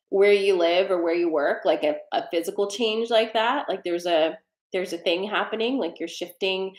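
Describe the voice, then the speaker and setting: A woman's voice: mid-range voice, echoey room. A woman hosting a live-stream tarot card reading, chatty and rambling with fillers, a little out of breath. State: slightly out of breath. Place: home desk with a treadmill.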